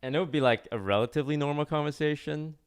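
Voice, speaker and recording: A man's voice: fairly high pitch, fast talker, clear, resonant tone. A young man, a streamer, telling a story in a casual, rambling way with many fillers and restarts.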